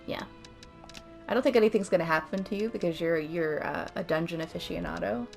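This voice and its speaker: A woman's voice: fairly low pitch, brisk, gravelly, faint music behind. A woman co-hosting a video game let's play, chatting and encouraging her partner with frequent laughter. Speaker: co-host.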